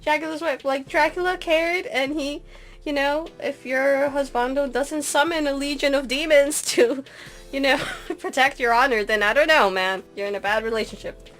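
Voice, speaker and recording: A woman co-hosting a casual podcast chat, animated and quick to laugh, often breaking off mid-sentence. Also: high-pitched. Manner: animated, laughing, self-interrupting. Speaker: podcast co-host.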